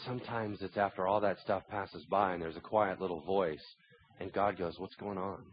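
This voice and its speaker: A man preaching a sermon as pastor, telling stories and swinging between hushed tones and loud, emphatic points. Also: low-pitched, fairly even intonation, moderate pace, dull audio, a little hiss or hum.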